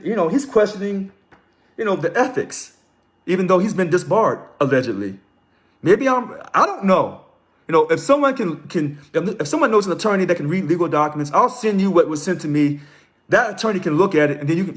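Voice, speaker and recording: A man's voice: high voice, expressive, fairly quick. A man hosting a casual live stream, reading aloud, commenting and greeting viewers by name. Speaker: livestream host.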